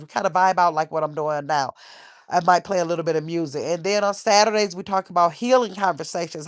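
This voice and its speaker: A woman's voice: fairly low pitch, no room sound, clean studio sound. A middle-aged woman hosting a casual livestream, rambling and reading viewer comments aloud. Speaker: livestream host.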